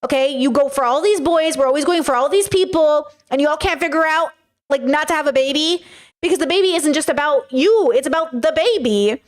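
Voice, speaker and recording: Woman commentator, slightly high voice, candid and rambling, swears casually, addresses viewers directly. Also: a little fast. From United States. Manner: frank and rambling, swears, talks straight to viewers. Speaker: commentator reacting to a reality show.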